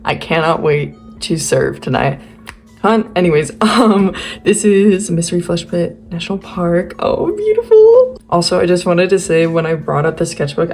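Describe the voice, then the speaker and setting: A woman's voice: lowish voice, a little mellow. A young woman gushing over her old sketchbooks in rambling, giddy casual chat, her voice a little worn. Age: young adult. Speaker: artist flipping through sketchbooks. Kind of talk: casual commentary.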